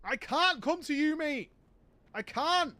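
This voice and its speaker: A man's voice: very high-pitched, expressive, takes it slowly, sharp tone, no echo, pitched above the performer's own voice, heavily acted. A man voicing a clueless, pleading young male gamer who keeps saying mate. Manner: pleading, says mate constantly.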